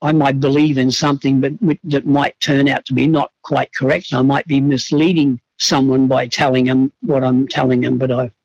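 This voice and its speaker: A man's voice: medium pitch, flat delivery, vocal fry, darkish tone, no echo, dull audio. A man, a horse trainer being interviewed, talking reflectively with frequent restarts and fillers. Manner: halting, many restarts and fillers.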